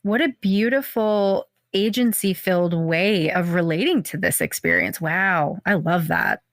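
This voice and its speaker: A woman hosting an interview, warmly affirming her guest with frequent murmurs of agreement. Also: lowish voice, a little slow, dry recording, clean studio sound. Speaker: podcast host.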